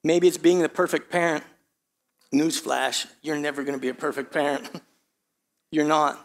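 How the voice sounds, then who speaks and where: High-voiced man preaching a sermon. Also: steady tone, normal speed, creaky. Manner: rhetorical questions, repeats phrases for emphasis. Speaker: pastor. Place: church sanctuary.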